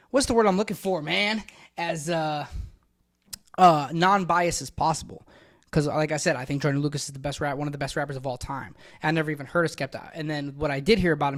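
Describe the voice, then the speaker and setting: A man's voice: on the high side, fairly bright tone. A man hosting a reaction video, giving blunt, opinionated casual commentary that rambles with frequent restarts. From United States.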